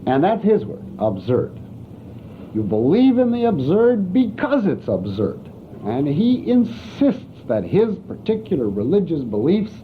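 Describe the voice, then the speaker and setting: Guy lecturing philosophy, really lively pitch swings, sounds like an old tinny tape w/ faint hiss. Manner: emphatic, wry lecturing. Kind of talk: university lecture.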